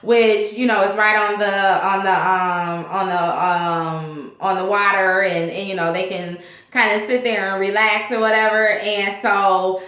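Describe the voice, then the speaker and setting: A woman's voice: medium pitch, steady tone, a little slow, a bit bright, roomy sound. A woman vlogger giving a casual, sassy and candid recap of a reality show episode, talking straight to her viewers.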